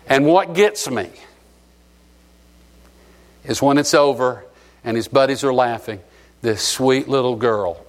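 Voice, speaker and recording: A man's voice: mid-range voice, slow pace, long pauses. A middle-aged man from Alabama preaching a sermon, sentimental and emotional as he tells stories. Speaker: pastor.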